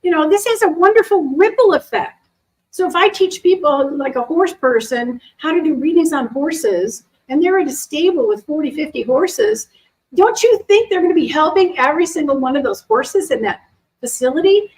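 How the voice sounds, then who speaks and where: A middle-aged woman, an animal communicator, chatting casually to a live audience and answering questions in a lively, animated way. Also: sits high, poor audio. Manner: chatty, animated, acts out quoted voices. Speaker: animal communicator and intuition teacher.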